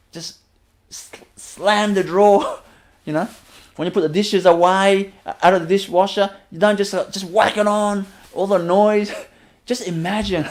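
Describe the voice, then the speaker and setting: Gentle man who chuckles a lot. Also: fairly high pitch. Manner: gentle, chuckles often, repeats phrases. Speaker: spiritual teacher. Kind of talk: webinar talk.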